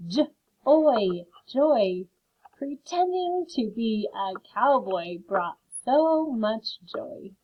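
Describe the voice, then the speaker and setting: A woman teaching a phonics lesson to children, slowly sounding out word parts. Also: a little high, very animated, breathy edge. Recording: phone-like narrow sound.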